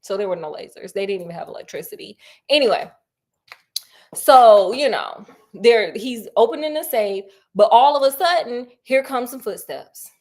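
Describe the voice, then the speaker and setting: A woman storyteller retelling a classic mystery in an animated, slangy way, asking her listeners questions. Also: a little high, normal speed.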